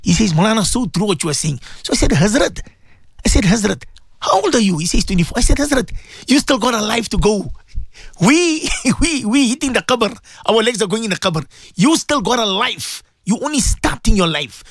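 Animated radio cleric. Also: male voice, sits high, fairly quick, dry recording, studio quality. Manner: animated, emotional storytelling with religious phrases. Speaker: radio host and Muslim cleric. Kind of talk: radio talk show storytelling.

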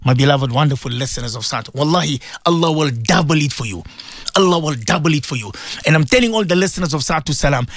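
A man's voice: a little high, lively intonation, fairly quick, fairly bright tone, no room sound, clean studio sound. A man, a Muslim cleric hosting a radio show, preaching fervently and pleading with his listeners, repeating phrases for emphasis. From South Africa. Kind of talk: impassioned radio sermon.

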